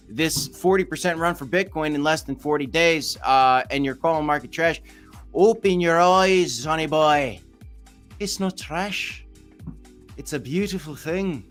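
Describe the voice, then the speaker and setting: A man's voice: fairly high pitch, a bit bright. A man hosting a casual crypto livestream, reading and answering viewer chat in a loose, joking way.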